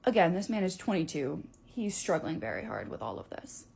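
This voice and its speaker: A woman's voice: on the low side, brisk, gravelly, husky. Chatty young woman telling a story. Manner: animated, chatty, filler-heavy. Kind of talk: casual storytime.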